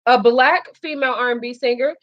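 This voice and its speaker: A woman's voice: fairly high pitch, steady tone, a little fast, dull audio. A young woman co-hosting a casual gossip chat, blunt and opinionated, swearing freely. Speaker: co-host.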